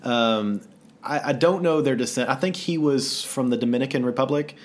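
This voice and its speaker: A man from the United States co-hosting a podcast in casual chat, telling stories with lots of laughter and quick acted-out quotes. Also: mid-range voice. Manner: animated storyteller, acts out quotes, laughs often. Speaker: podcast co-host.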